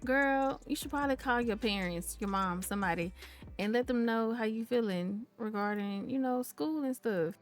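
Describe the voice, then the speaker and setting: A woman's voice: a little high, moderate pace, faint music behind. Chatty woman narrating her game. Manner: chatty and playful, talks to the viewers and the characters. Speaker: gameplay commentator. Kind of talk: casual life-sim gameplay commentary.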